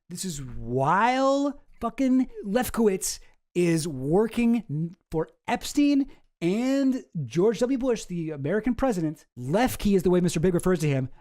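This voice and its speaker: A high-pitched man gives loose, casual commentary as he reads from documents. He rambles, swears freely and breaks off mid-sentence to restart. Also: a little mellow. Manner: rambling, profane, self-interrupting. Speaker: channel host.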